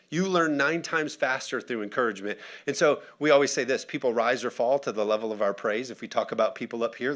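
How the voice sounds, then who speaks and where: A pastor in his thirties delivers a sermon in an animated, conversational style, acting out quotes and calling on the congregation to respond. His voice sits at a medium pitch.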